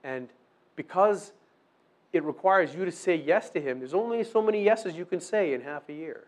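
A man's voice: on the high side, normal speed. A man preaching a conversational sermon, often checking in with his listeners and acting out short exchanges. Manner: acts out short dialogues with the accuser. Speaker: pastor.

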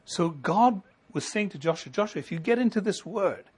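A middle-aged man preaches from the pulpit with a husky, slightly breathy voice that sits a little high for a man. His delivery swells into ringing emphasis and then falls back to a hushed, close tone. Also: expressive, moderate pace. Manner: preaching with rising emphasis and sudden soft drops. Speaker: pastor. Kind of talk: sermon.

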